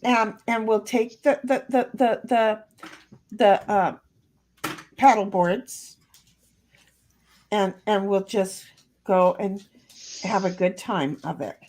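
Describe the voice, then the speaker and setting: This livestream host speaks at a medium pitch with a slightly dark tone, taking her time and pausing often. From her home, she reads viewers' comments out loud, wandering off on tangents and tripping over words she repeats.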